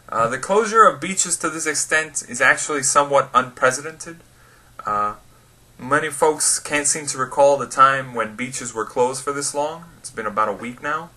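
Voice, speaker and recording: A man's voice: mid-range voice, pushed and bright. A man hosting his own audio show, giving blunt, sarcastic commentary from a script and swearing freely when he rants. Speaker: podcast host.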